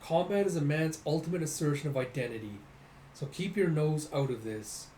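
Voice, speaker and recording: A brash male cyborg fighter taunts with easy swagger, as a man reads him. The voice is dark and mellow. It sounds like an echoey room with faint noise. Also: fairly high pitch, moderate pace, close to an everyday voice. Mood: taunting.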